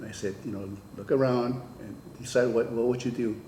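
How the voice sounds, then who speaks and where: A man's voice: medium pitch, fairly even intonation, fairly quick, dark tone, roomy sound, slight background noise. An older man, a retired teacher, telling his memories in an oral history interview, acting out the dialogue he recalls. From California. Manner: storytelling, acts out quoted dialogue.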